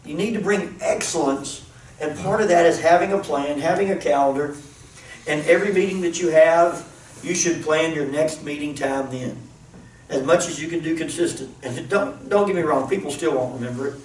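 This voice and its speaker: A man's voice: on the high side, normal speed. A man, a pastor, leading a group planning discussion in an earnest, casual teaching manner, repeating himself as he thinks. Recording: roomy, distant mic, faint noise.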